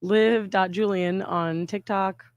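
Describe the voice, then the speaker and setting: A podcast co-host in casual group chat, teasing in quick banter. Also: mid-range voice, steady tone, clear, resonant tone, no room sound.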